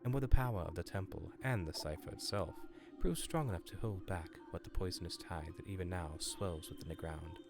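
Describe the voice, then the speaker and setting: A man voicing a solemn ancient alien chronicler in a slow, grave reading voice with a slight English lilt, reading game lore aloud. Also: deep voice, music in the background, pitched below the performer's own voice.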